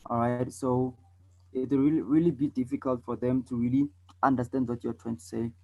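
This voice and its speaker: A medium-pitched man from South Africa speaks in a level tone, and the highs are cut off in the audio. Teaching debate, he restates points and often checks in with "okay?" and "all right", modeling loud, soft, fast and slow speech.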